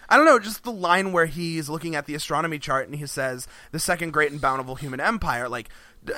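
A man's voice: a little high, bright, forceful tone, no echo. A man co-hosting a podcast in casual chat, rambling with frequent restarts and laughs between phrases. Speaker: podcast co-host.

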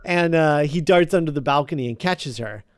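A man casually retelling a film script as a podcast host, halting with lots of ums and uhs. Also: on the high side, dry recording, studio quality. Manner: halting, full of ums and uhs, reads quoted lines flatly. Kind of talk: casual chat.

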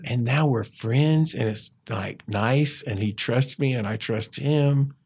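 A man of ordinary pitch tells a personal story in a relaxed interview. He talks in a halting, conversational way, often restarting his sentences, and turns reflective as he goes. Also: husky. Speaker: interview guest.

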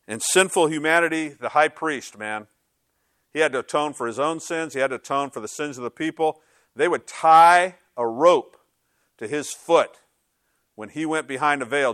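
A man's voice: mid-range voice, fairly bright tone, no room sound, studio quality. A male pastor preaching a sermon in a conversational, emphatic way, with frequent rhetorical questions.

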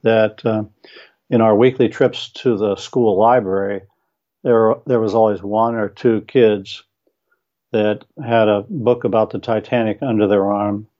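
Older man, mellow, measured explainer. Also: fairly low pitch, muffled recording. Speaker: guest author, retired teacher. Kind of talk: interview answers and reading aloud.

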